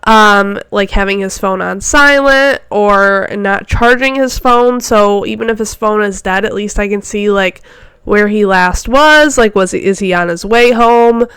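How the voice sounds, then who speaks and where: A woman's voice: mid-range voice, a little slow, a bit bright, clean tone, no echo. A woman hosting her own podcast as a fitness coach, talking in a chatty, rambling way with lots of fillers. She sounds stuffy and nasal from a cold and gets a little short of breath. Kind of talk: casual solo podcast chat. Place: home office.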